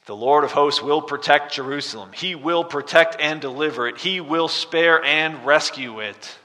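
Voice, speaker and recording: A man's voice: fairly high pitch, moderate pace. Dramatic male preacher in a reverberant hall. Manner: dramatic, swings from loud emphasis to hushed; asks the listeners questions. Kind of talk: expository sermon.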